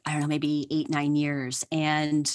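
A woman's voice: deep voice, monotone, measured pace, a little mellow. A woman guest on a podcast, telling history stories with enthusiasm and laughing often. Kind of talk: casual interview chat.

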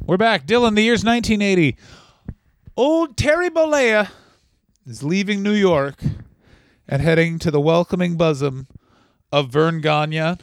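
Un hombre de voz algo aguda cuenta anécdotas y discute con su compañero en un podcast de comedia. El sonido es seco y cercano al micrófono. Su tono es de charla informal y animada. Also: male voice, on the high side, normal speed, dry recording. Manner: storytelling, argumentative banter. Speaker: podcast co-host. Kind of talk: casual comedic chat.

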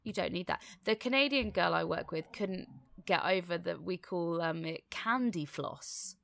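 Gravelly-voiced young woman chatting. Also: on the low side, normal speed. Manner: self-mocking, animated storyteller, swears freely. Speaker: podcast co-host. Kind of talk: casual chat.

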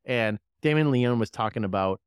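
A man hosting a horror movie podcast in casual chat, excited and swearing freely. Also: medium pitch, moderate pace, smooth, dry recording, clean studio sound. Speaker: podcast host.

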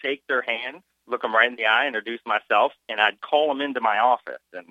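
A man calling in to a radio show, telling a story haltingly with many fillers. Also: medium pitch, fairly even intonation, dry recording. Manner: halting, lots of uh and you know. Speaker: caller. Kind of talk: phone-in chat. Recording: muffled phone-in audio.

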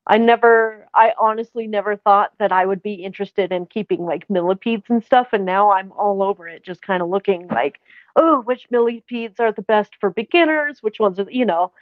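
A woman co-hosting a podcast in casual chat, friendly and agreeable with quick laughs. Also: medium pitch, dry recording. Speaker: podcast co-host. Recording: thin phone-like remote line.

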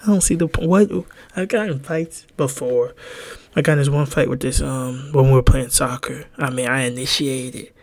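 A young man co-hosting a podcast, telling stories in a casual, animated way, swearing freely and laughing as he goes. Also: mid-range voice, normal speed, gravelly. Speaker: podcast co-host. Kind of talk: casual storytelling.

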